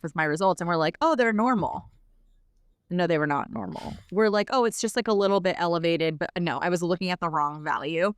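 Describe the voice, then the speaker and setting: A young woman talks as a podcast guest, her voice a touch low and notably smooth and clean. She retells events in a rapid, animated casual style, dropping filler words constantly. The sound is close and dry. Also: dry recording. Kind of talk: casual storytelling.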